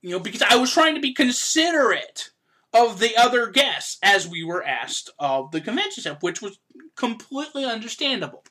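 A woman hosting a podcast, ranting in an animated, exasperated way with loud outbursts. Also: fairly high pitch, moderate pace. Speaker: podcast host. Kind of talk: casual podcast rant.

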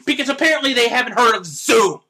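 A woman hosting a podcast, ranting in an animated, exasperated way with loud outbursts. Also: fairly high pitch, fast, slightly rough. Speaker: podcast host. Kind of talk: casual podcast rant.

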